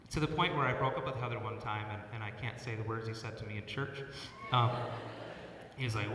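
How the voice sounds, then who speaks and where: Speaking haltingly and often repeating words, a middle-aged man who leads worship at his church eulogizes his father through personal stories. His voice is on the low side, fairly even and bright, recorded from a distance in an echoey sanctuary with a little hiss or hum.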